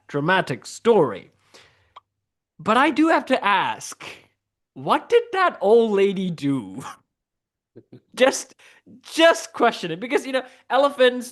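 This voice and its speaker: A man from Sri Lanka doing a playful, animated stand-up set over a video call. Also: high voice. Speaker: stand-up comedian.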